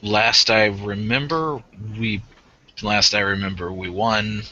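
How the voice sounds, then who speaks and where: A man's voice: lowish voice, fairly even intonation, slow, sharp tone, full character voice. A man voicing a woman adventurer who wakes up as a prisoner, speaking plainly in character, on a dull lo-fi recording. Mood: bewildered. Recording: dull lo-fi recording with faint hiss.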